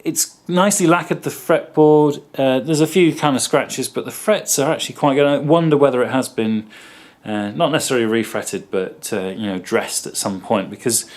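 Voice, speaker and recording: A man's voice: medium pitch, normal speed, hardly any pauses. A man presenting a guitar in a casual, rambling way, with many ums and asides. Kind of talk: casual talk to camera.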